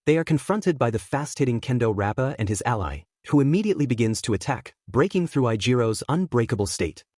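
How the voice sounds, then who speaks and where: A man reading fan fiction aloud as a narrator, with lively storytelling intonation. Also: mid-range voice, fairly quick, dry recording, studio quality.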